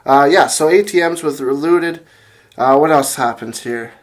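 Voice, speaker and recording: Young male host, fairly high voice, rambling, excitable, casual retelling with lots of fillers. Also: measured pace. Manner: rambling with many restarts and fillers, laughs often; excitable, reads out quotes from notes. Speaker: music channel host. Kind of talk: casual video commentary retelling events.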